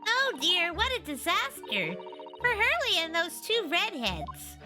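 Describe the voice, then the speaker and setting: A woman voicing a kindly, courteous older landlady in a video game, speaking in a soft, genteel manner. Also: very high-pitched, wildly swooping pitch, unhurried, music in the background, voice pushed up, heavily acted. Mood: gentle.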